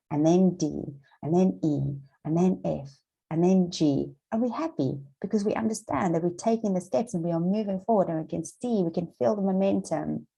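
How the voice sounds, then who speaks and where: A woman's voice: sits low, gravelly, warm tone, breathy edge, poor audio. An Australian woman coaching viewers on manifesting in a chatty, encouraging motivational talk to camera, repeating her points and using plenty of fillers.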